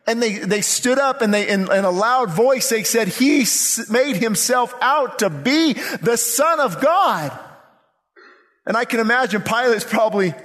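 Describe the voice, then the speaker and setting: A man, a pastor, preaching a sermon in an animated way, acting out the voices of the people he quotes. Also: sits high, normal speed. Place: church sanctuary. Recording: church hall reverb.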